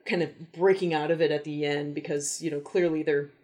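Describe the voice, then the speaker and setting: A woman's voice: low voice, steady tone, fairly quick, a little mellow. A woman hosting a podcast, chatting casually about a film, with frequent laughs and restarts. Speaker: podcast host.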